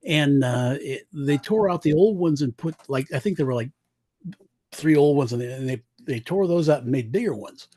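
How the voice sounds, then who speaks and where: A man's voice: fairly high pitch, animated, normal speed, warm tone. A man in a casual group chat, explaining facts at length. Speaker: podcast co-host.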